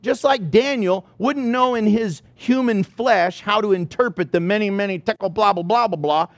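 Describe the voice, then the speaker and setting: A man preaching a sermon, telling personal stories in an animated way and acting out the dialogue. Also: sits high, moderate pace, dry recording. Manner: animated storyteller who acts out dialogue.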